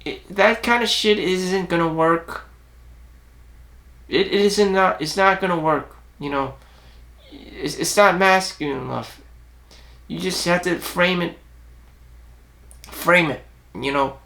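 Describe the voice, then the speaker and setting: A man with a gravelly, raspy voice and a fairly high pitch for a guy. He rambles through a self-reflective monologue in a blunt, profane way. He stops and restarts his sentences often. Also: sharp tone. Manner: halting, with frequent restarts and fillers. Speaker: self-help vlogger.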